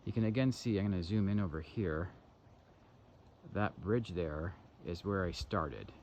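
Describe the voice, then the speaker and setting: Low-voiced and a little slow, a hiking vlogger from Canada chats his way along a lakeside trail, describing the scenery into a handheld camera in a rambling, casual manner. Loud background noise fills the dull, lo-fi outdoor recording.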